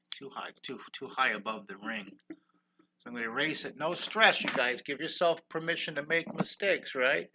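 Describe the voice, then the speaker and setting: A man's voice: mid-range voice, sharp tone, slight background noise. An older man teaching a live-stream drawing lesson, upbeat and encouraging, greeting viewers while he draws.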